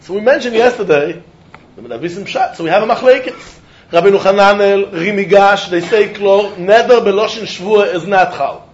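A man with a high-pitched voice leads a Talmud study lecture, reasoning aloud in an animated sing-song that slides between English and Yiddish and Hebrew terms. The recording is dull and lo-fi. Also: normal speed, slight background noise. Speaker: Talmud teacher.

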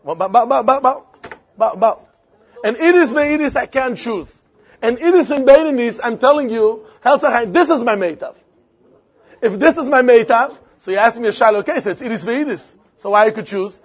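Guy w ish teaching talmud, super high husky voice, keeps repeating himself. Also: animated, moderate pace. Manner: repeats phrases, poses and answers questions. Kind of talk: Talmud lesson. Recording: dull lo-fi recording with faint crowd.

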